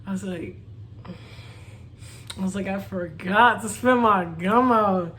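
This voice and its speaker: A woman's voice: medium pitch, takes it slowly, fairly bright tone, slight background noise. A young woman chatting casually to her viewers, laughing often and calling them y'all. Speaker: vlogger. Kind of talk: casual storytime chat.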